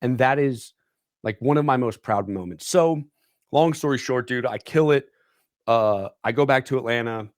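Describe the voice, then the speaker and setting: Clean studio sound with no echo captures a young man's medium-pitched voice at normal speed. Guesting on a podcast, he rambles through a casual story, leaning heavily on "like" and "dude."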